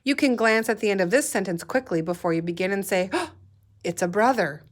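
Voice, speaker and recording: A woman's voice: mid-range voice, lively intonation, brisk. A woman teacher leading a guided reading lesson for young children, patiently sounding out letters and words.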